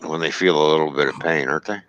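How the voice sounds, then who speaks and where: A man voicing a crude, smug, deep-voiced man who drawls needling asides. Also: steady tone, very fast, fairly bright tone, no echo, lo-fi sound. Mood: mocking.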